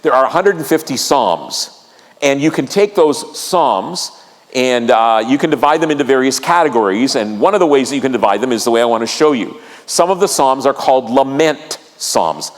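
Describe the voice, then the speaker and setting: A man's voice: mid-range voice, expressive, normal speed. A man preaching a sermon as pastor, earnest and repetitive, asking the congregation questions and stressing key lines. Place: church sanctuary. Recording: church hall reverb.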